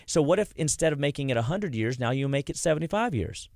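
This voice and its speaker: Guy on a radio health show, lively storyteller, dry studio sound. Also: a little high, fast, no echo. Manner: animated storyteller, acts out quotes. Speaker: chiropractic health guest on radio. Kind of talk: casual radio health talk.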